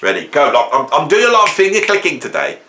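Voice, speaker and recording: A man's voice: fairly high pitch, big pitch swings, fast talker, pushed and bright, echoey room, a little hiss or hum. A man chatting casually to camera, rambling and playful, with jokey asides. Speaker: music video host.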